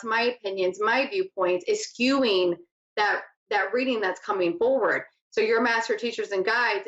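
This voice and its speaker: This woman hosts a psychic radio show, her mid-range voice fairly bright as she gives casual spiritual teaching. She's chatty, laughs easily, and wanders off topic, recorded with echoey lo-fi room sound.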